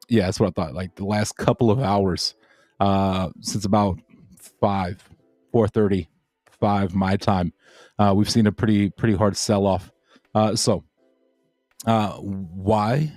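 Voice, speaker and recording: A man's voice: lowish voice, dark tone, no echo. A man hosting a crypto livestream, chatting casually and rambling with lots of fillers and repeated phrases.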